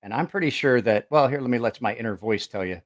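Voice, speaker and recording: A man's voice: mid-range voice, fast talker. A man hosting his channel in casual chat, rambling and full of fillers. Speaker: channel host.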